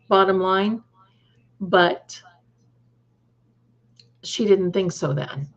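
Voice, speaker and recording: Woman tarot streamer, unhurried and chatty, calls viewers "honey". Dull, lo-fi sound. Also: medium pitch. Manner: chatty, addresses viewers with endearments. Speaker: tarot reader hosting a live stream. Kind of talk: casual live-stream storytelling.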